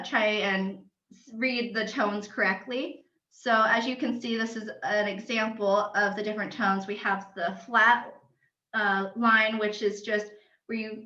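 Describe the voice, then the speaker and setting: Young woman chatting through her book slides, bright tone, roomy echo, laughs a lot. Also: on the high side. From United States. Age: young adult. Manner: chatty, explanatory, laughs often. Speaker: author. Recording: roomy and dull lo-fi.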